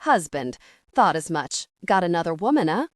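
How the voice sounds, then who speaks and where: A woman's voice: fairly low pitch, very animated, moderate pace, no room sound, clean studio sound, distant mic. Lady doing a south london cab driver guy, blunt, matter-of-fact, bouncy voice. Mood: knowing.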